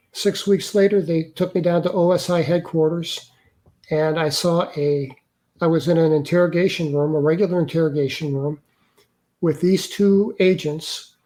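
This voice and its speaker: A man's voice: fairly high pitch, darkish tone. Older man telling a personal story. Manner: earnest, halting, with many restarts. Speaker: interview guest.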